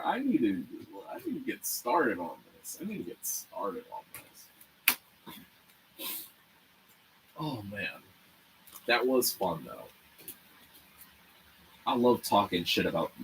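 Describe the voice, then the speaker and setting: With a fairly low pitch and a slow pace full of pauses, a young streamer chats casually with his viewers while putting together a set. He's lively and rambling, swears freely and laughs often. A little hiss or hum is audible.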